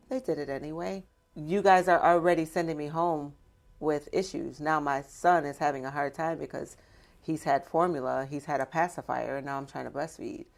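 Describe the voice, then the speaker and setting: Low, gravelly-voiced woman telling her story. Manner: candid, conversational, with fillers. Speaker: doula and interview guest. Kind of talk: personal storytelling in an interview.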